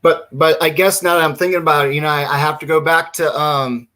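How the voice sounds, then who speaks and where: A man's voice: a little high, fairly even intonation, fast, sharp tone. A man being interviewed as a guest author, talking in a plainspoken, hesitant way with many fillers. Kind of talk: casual interview chat.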